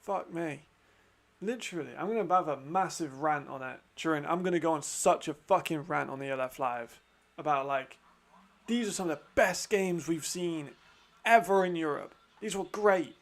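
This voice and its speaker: A man hosting a football watch-along, commenting live with excitement, frequent swearing and laughter. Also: on the high side, moderate pace.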